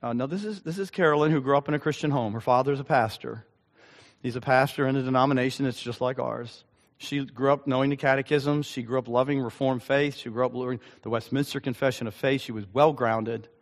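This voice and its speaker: A male pastor delivering a sermon with a personal story, earnest and halting, with frequent ums. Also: mid-range voice, fairly even intonation. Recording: long hall reverb.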